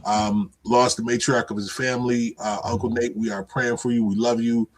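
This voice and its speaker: A man's voice: mid-range voice, level tone, moderate pace, rough recording. Podcast host guy, earnest and heartfelt, middle voice, lots of "you know what i mean". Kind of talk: casual podcast talk.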